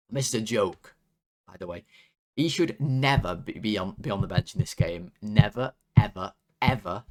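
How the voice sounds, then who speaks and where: A man who hosts a football fan channel. He rants casually and animatedly, swearing, and often sounds exasperated. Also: fairly low pitch.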